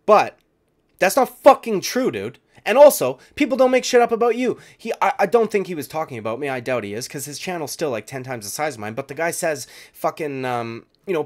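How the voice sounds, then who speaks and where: A man delivering reaction commentary on fighters as an MMA video commentator, ranting heatedly with constant swearing and a habit of saying "dude". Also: fairly high pitch.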